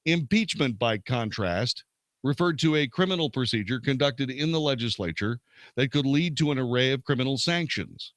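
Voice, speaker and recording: The host, a man, reads legal texts aloud with commentary, steady overall but stumbling and self-correcting at times. He has a mid-range voice with lively intonation and a slightly bright quality, speaking at normal speed with no room sound.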